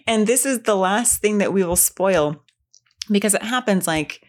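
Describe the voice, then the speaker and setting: A woman's voice: mid-range voice, unhurried. A woman in her thirties co-hosting a casual film podcast, telling stories with lots of laughter. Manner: lively storytelling with frequent laughter. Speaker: podcast co-host.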